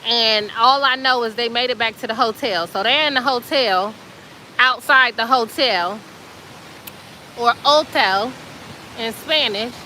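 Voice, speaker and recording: Brief: woman host, high-pitched and colloquial, animated storytelling with fillers. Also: unhurried, slight background noise, low-quality recording. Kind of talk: casual chatty storytelling.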